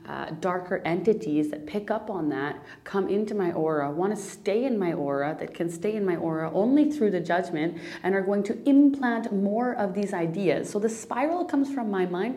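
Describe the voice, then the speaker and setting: A woman's voice: mid-range voice, warm tone. A woman hosting a personal spiritual podcast, talking earnestly and emotionally, near tears, often restarting and repeating phrases. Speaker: podcast host.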